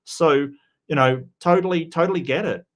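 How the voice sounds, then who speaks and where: A man's voice: on the high side, normal speed. An Australian man hosting a casual livestream, chatting loosely with many restarts and greeting viewers by name. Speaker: livestream host.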